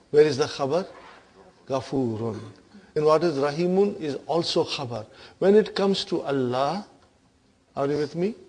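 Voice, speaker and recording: Slow-paced male grammar teacher quizzing. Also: fairly high pitch, a little mellow. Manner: quizzing students with repeated questions. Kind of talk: classroom grammar lesson.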